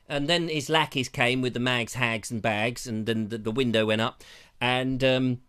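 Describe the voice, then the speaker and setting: A man's voice: mid-range voice, steady tone, moderate pace, a bit bright, clean tone. A man hosting a live show, chatting casually in a rambling, jokey way and often interrupting himself, on a lavalier mic. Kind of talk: casual live-stream chat.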